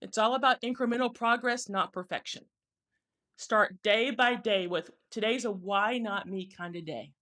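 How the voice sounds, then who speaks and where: Woman, career coach, motivational talk, encouraging, emphatic, medium pitch. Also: sharp tone. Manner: encouraging, emphatic, slows down on key phrases.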